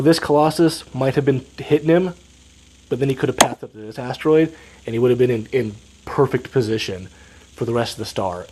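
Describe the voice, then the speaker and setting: A man's voice: mid-range voice, noisy background. A man with a stuffed-up, sniffly voice gives casual gameplay commentary, explaining each move step by step. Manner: analytical, explaining moves step by step. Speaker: strategy game commentator.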